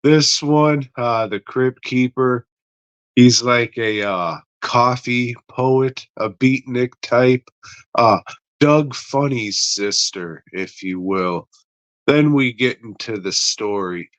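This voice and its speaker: A man's voice: mid-range voice, slow pace, fairly bright tone, no room sound, muffled recording. A man hosting a podcast, rambling through a casual and profane episode review.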